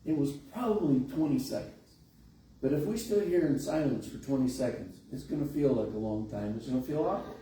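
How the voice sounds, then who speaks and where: A middle-aged pastor tells a folksy, conversational story mid-sermon in a large church, his medium-pitched voice warm, brisk, and lively in intonation. The recording has an echoey hall sound, a distant mic, and faint hiss.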